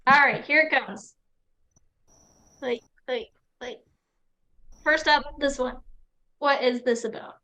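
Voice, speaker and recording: A woman who is a regular on a comedy podcast, chatting casually and giggling. Her voice sits high. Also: slow, pauses often, bright, forceful tone, low-quality recording. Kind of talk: casual chat.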